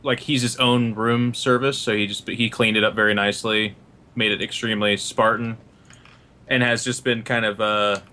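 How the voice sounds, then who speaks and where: A man playing a tabletop game, describing his character in a measured way. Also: fairly low pitch, flat delivery, bright, forceful tone. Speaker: player. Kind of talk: casual tabletop play.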